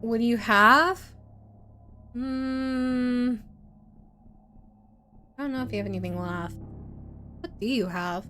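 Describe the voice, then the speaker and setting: A woman's voice: a little high, slow pace, long pauses, bright, forceful tone, faint music behind. A woman streamer narrating an interactive horror story for her viewers as game master, in a playful, teasing way as she reads out chat comments.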